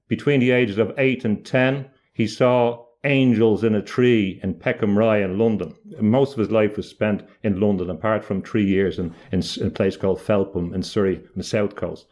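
Halting low-voiced man musing aloud. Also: steady tone, darkish tone. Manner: halting, many restarts and repeated words. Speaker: author and speaker on mysticism. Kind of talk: thoughtful lecture-like talk.

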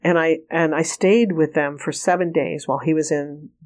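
Woman, lowish voice, earnest, candid storytelling, halting restarts, interview guest. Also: steady tone, a little mellow. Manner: earnest, personal, many fillers and restarts. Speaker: interview guest, remote viewing trainer.

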